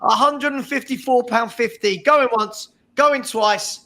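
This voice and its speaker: A man hosting a charity livestream auction, joking and laughing as he slowly calls out bids. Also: very high-pitched, pushed and bright. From England. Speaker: charity stream host running an auction. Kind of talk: casual livestream chat, auctioneering.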